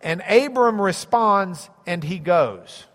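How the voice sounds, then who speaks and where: A man's voice: high voice, lively intonation, slow, fairly bright tone, big-room sound. A man preaching a sermon, explaining a map and stressing points through emphatic repetition. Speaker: pastor.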